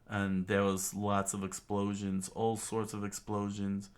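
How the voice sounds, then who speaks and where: A man reading a comic aloud in a casual way, halting with restarts and fillers. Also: lowish voice, monotone, smooth. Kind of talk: casual comic read-along.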